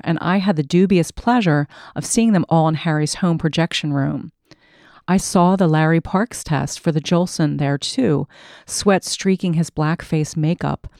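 A woman's voice: low-pitched, dark tone, dry recording, studio quality. Wry woman narrating a memoir audiobook.

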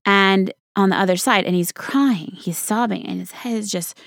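A woman's voice: mid-range voice, normal speed, creaky, dry recording, studio quality. A woman telling a true story in a casual, conversational way, speaking straight to the listener. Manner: conversational, casual swearing, addresses listener directly. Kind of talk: storytelling monologue.

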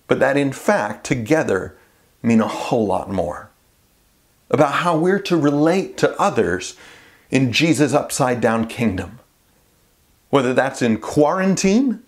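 A man's voice: mid-range voice, gravelly, a little mellow. A man preaching a sermon as pastor, earnest and conversational with playful asides.

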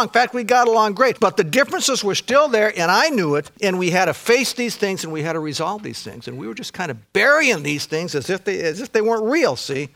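A male pastor with a high, bright, forceful voice delivers a sermon. He preaches in an emphatic, conversational way, often turning straight to the congregation with quick asides.

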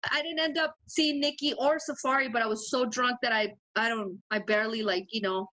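A woman's voice: fairly high pitch, fairly quick, poor audio. A young woman co-hosting a podcast, telling a rowdy story in casual chat, swearing freely and acting out quotes. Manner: animated, swears a lot, acts out quotes. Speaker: podcast co-host.

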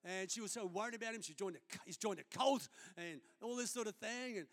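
A man's voice: high voice, fast, fairly bright tone. A man, a senior pastor preaching a sermon in a conversational, storytelling way during a church service.

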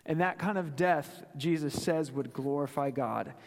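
A male pastor with a fairly high voice delivers a sermon, pressing points home with repeated phrases. He drops suddenly to a near hush to land key moments. His words ring out with a long tail of reverb in a large church hall. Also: a little slow. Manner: dramatic, drops to a hush for emphasis.

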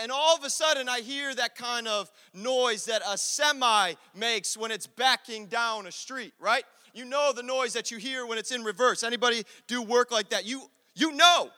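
A young man preaching a sermon, telling a story about his father and acting out his dad's lines in a low gruff tone. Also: pushed and bright. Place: church. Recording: echoey church hall.

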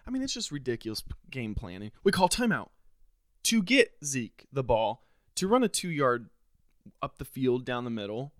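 Man, podcast host, frustrated solo rant, sarcastic, sudden loud high outbursts, very dry close sound. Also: very animated, normal speed, dry recording. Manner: frustrated, sarcastic ranting with sudden jumps up in pitch and volume.

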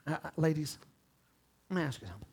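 A male pastor preaches with a gravelly, fry-tinged voice. He keeps it conversational and playful with the congregation. He swings from hushed delivery to loud bursts. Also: a little high, fast talker. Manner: animated, swings from whispers to shouts. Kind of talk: sermon.

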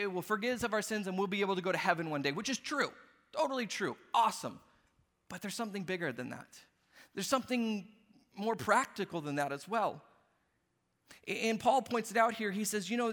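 Guy pastor w a high voice giving a sermon, earnest, goes soft n tender a lot, big echoey hall. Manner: earnest, swings from emphatic to hushed and tender.

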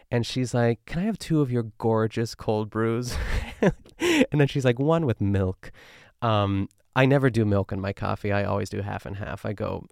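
Rambling gravelly-voiced man recapping a show. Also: fairly low pitch, no room sound, clean studio sound. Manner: rambling, many fillers and asides. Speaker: podcast host recapping a cooking show. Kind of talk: casual chatty recap.

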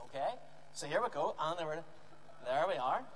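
A male preacher tells a Bible story to his congregation with lively, acted-out delivery. His voice sits high and swings widely in pitch. It carries through a reverberant hall with a faint background hiss. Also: moderate pace. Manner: lively storytelling, acting out scenes. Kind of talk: animated children's Bible story.

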